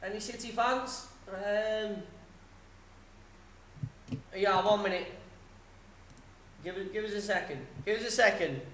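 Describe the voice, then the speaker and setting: A young man runs a live football watchalong, reeling off scores between casual banter and laughs. His voice sits high for a man. The room around him is echoey. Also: slow, long pauses, fairly bright tone, a little hiss or hum. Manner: chatty, reads scores aloud, swears, laughs often. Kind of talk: live score commentary and chat.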